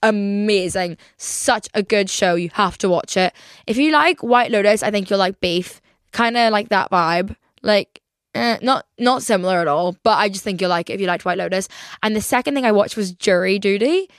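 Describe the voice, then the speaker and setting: A woman's voice: mid-range voice, moderate pace, dry recording, studio quality. A young woman hosting a podcast, chatting in a casual storytime monologue, swearing often and filling her talk with "like". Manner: chatty, swears a lot, heavy use of "like". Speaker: podcast host.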